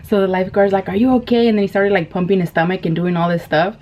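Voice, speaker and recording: In her thirties, a woman mukbang vlogger tells a story while eating on camera, chatty and full of fillers and frequent laughs. She talks fast in a lowish, slightly mellow voice with a flat delivery, recorded as dull lo-fi camera audio with faint noise.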